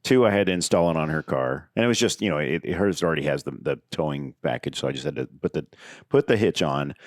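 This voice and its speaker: A man's voice: a bass voice, lively intonation, quick pace, no echo, studio quality. A middle-aged man co-hosting a podcast, chatting casually, joking and teasing with a ready laugh. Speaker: podcast co-host. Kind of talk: casual chat.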